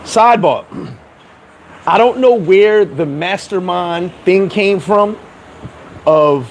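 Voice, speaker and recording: High-pitched New guy, casual and profane, street-smart advice monologue; light traffic noise in background. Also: takes it slowly, rough recording. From New York. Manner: acts out dialogue in quoted voices. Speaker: vlogger.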